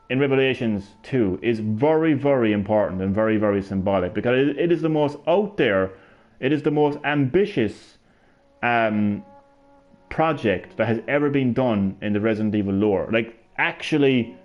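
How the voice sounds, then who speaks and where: A man hosting a gaming channel, talking excitedly through video game lore, rambling and swearing, on a headset mic. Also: mid-range voice, moderate pace, dull audio. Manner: excitable, rambling, swears often, many restarts.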